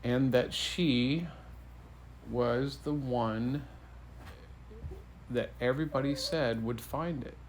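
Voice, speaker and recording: A man improvising a playful bedtime story for his child, unhurried and full of puns. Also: medium pitch, slight background noise, rough recording. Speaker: parent telling a bedtime story.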